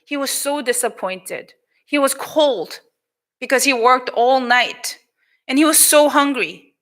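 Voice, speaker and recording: A woman with a Korean accent preaches to children in a church, her higher voice bright and forceful. She tells the Bible story in an animated way, acts out the characters and switches between English and Korean as she speaks. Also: a little slow. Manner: animated, acts out quoted lines. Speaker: pastor. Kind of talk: children's sermon. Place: church sanctuary.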